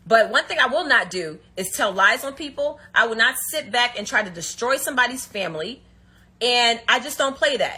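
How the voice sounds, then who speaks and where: A woman's voice: a little high, sharp tone, slightly rough. A woman telling a story in a casual livestream rant, indignant and acting out quoted dialogue. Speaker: reality TV personality. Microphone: phone livestream.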